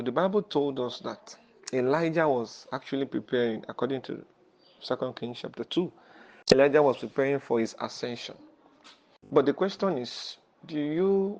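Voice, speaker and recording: A man teaching a sermon who keeps asking his listeners "are you there?" and pauses often with fillers. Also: medium pitch, vocal fry, darkish tone. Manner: halting, with many fillers and restarts. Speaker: preacher. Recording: dull lo-fi audio.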